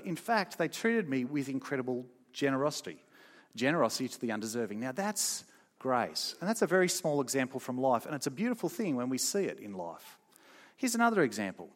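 Guy preaching, fairly high voice, big reverb in a church hall, tells stories. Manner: emphatic, storytelling, swings from loud to soft. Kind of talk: sermon.

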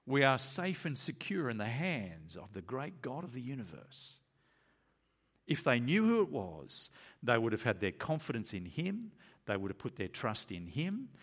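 A male preacher delivers a sermon with a very lively voice that swings widely up and down. He reads scripture aloud, then acts out the biblical figures with feeling. His voice sits at a middle pitch. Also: normal speed, breathy edge. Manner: animated, acts out the voices of Jesus and the disciples.

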